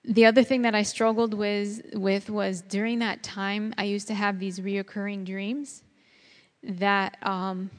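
A woman's voice: medium pitch, level tone, unhurried. Woman, spoken testimony, earnest storytelling, voices her own past words, long hall reverb. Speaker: guest speaker sharing testimony. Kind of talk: personal testimony talk.

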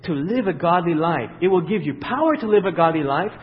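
A man preaching a sermon, asking the congregation questions and waiting for their answers, swinging from loud emphatic peaks to quiet, low passages. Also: lively intonation. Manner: asks the audience questions and pauses for their answers. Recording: dull, reverberant hall sound.

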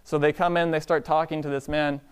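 A man preaching a sermon in a relaxed storytelling way, often asking the congregation "Amen?". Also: a little high, brisk, smooth. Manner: conversational, calls out "Amen?" to the congregation.

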